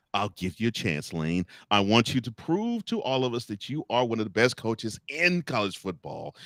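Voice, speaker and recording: A man co-hosting a sports show, speaking right into the coaches he is roasting. He keeps a mid pitch, jumps up high and drops back down, and heckles in a casual way. The sound is dry and close, with no room around it. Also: dry recording. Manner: animated, mocking rants addressed to coaches. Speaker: podcast co-host.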